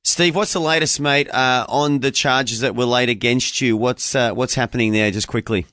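A man's voice: medium pitch, normal speed, bright, forceful tone, dry recording. A man hosts a Christian morning TV show, chatting with his guest in a friendly, conversational manner. His voice is recorded dry and close, with no room sound around it. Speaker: host. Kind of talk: Christian TV interview.

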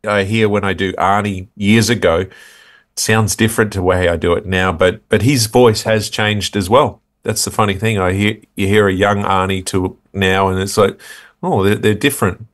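A man, a guest impressionist, telling animated stories in an interview with frequent restarts and laughs. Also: sits low, moderate pace. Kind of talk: interview chat.

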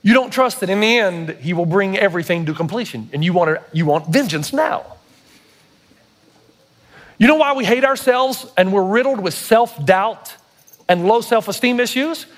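A man's voice: high voice, lively intonation, normal speed. A pastor preaching a sermon, emphatic and putting questions straight to his congregation.

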